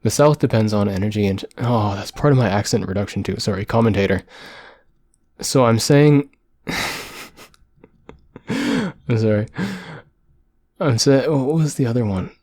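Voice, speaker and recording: A man from Canada reading text aloud with halting, self-correcting delivery and apologetic spoken asides, his voice going hoarse, close to the microphone. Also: medium pitch, lively intonation, darkish tone, no room sound. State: voice going hoarse from long talking. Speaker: solo podcaster. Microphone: microphone close to the mouth.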